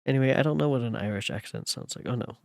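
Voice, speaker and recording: A man reading a classic novel aloud on a stream, relaxed, with small slips and casual commentary between passages. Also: mid-range voice, quick pace, creaky, dry recording, studio quality.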